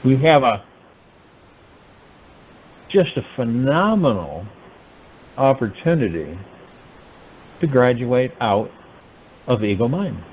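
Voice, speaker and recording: A man's voice: mid-range voice, slow, long pauses, slight background noise. Man musing aloud on a muffled phone call. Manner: animated, musing, asks rhetorical questions. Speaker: spiritual teacher hosting a meditation call. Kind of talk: spiritual teaching talk. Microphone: telephone conference line.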